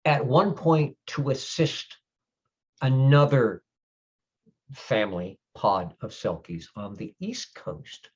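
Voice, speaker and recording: A man playing a gruff, grumpy older male changeling lord who speaks bluntly and swears in halting explanations. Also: mid-range voice, animated, dull audio, voice pushed up. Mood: grave.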